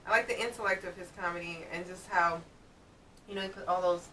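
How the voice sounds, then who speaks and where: Animated laughing woman co-host. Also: fairly low pitch, a little fast, recorded from a distance, slight background noise, low-quality recording. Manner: animated, laughs often, talks in long explanations. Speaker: co-host reacting to comedy. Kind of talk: casual reaction chat.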